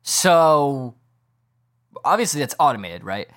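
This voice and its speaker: A man's voice: on the high side, sing-song, slow pace, fairly bright tone. A man hosting a casual sports podcast, ranting in a rambling, incredulous way. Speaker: podcast host.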